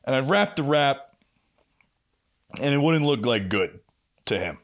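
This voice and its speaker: In an unhurried, mid-range voice, a young podcast co-host shares a work story during casual conversation. Profanity flows freely, and he acts out people's lines with animation.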